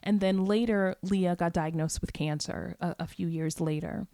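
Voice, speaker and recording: Podcast host, woman, gravelly lower voice, candid reflective storyteller, dry close sound. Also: steady tone, normal speed, no room sound. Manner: candid, reflective, drops to soft whispers at tender moments; casual, occasionally profane. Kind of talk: personal storytelling monologue.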